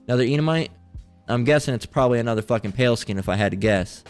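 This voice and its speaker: A man's voice: medium pitch, soft background music. A man hosting a religious channel, reading viewer comments aloud and answering them in a profane, mocking, scolding way, stretching words out to preach. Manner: preachy, drawn-out emphasis.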